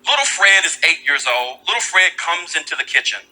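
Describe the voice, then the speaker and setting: A man telling a personal story in an animated, conversational way. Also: fairly high pitch, fairly quick, slight background noise, poor audio. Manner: animated, conversational, acts out quotes. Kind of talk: storytelling talk.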